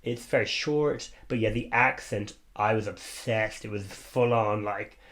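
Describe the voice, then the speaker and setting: A man co-hosting a podcast in casual chat, gossipy and quick to laugh. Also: lowish voice, fairly even intonation, fairly bright tone. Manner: chatty, gossipy, laughs often. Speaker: podcast co-host.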